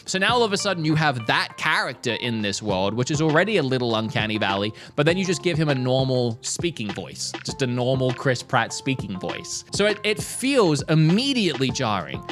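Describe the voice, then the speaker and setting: A man's voice: medium pitch, a little fast, hardly any pauses, soft background music. A young man talking casually and energetically, reviewing a movie trailer for his stream, with some restarts. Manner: lively, animated, frequent restarts. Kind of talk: casual commentary.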